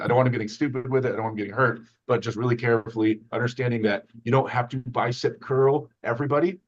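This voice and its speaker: A man hosting a casual chat about armwrestling training, talking in a rambling, animated way. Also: lowish voice. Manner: rambling, animated, sarcastic jokes. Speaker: host, armwrestling team member. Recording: dull lo-fi sound.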